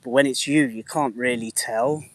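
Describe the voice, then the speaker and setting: English guy in his thirties, mid-pitched voice, easygoing streamer patter with casual swearing. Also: steady tone, moderate pace. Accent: English, slightly mixed. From England. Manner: swears casually, chats to viewers by name. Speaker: livestreamer. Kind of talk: casual live-stream chat.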